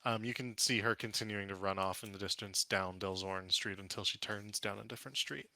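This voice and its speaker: A man narrating a tabletop game as game master, casual and relaxed, with plenty of fillers. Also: lowish voice, brisk, no echo.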